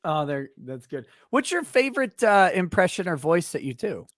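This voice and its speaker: A man's voice: high-pitched, very animated, normal speed, a bit bright, no echo, studio quality. A man hosting a live-stream interview, chatting casually, laughing often and reading out viewer comments. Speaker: host.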